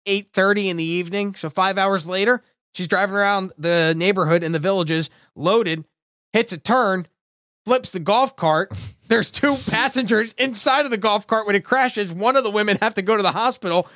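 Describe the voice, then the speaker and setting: A man's voice: sits high, moderate pace, bright, forceful tone, no room sound, studio quality. A man hosting a casual comedy chat show from his bedroom, telling stories animatedly with laughing asides. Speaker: host.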